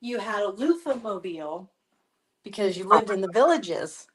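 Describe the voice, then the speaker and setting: A woman's voice: mid-range voice, lively intonation, moderate pace, slightly rough, poor audio. A woman co-hosting a live stream who tells a teasing story in casual chat and giggles often.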